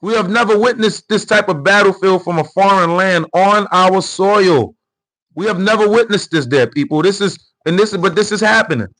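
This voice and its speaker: A man's voice: sits high, normal speed, fairly bright tone, low-quality recording. A man hosting a live commentary stream, ranting in a heated, profane, repetitive way and reading out viewer comments. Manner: reads viewer comments aloud. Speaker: livestream commentary host.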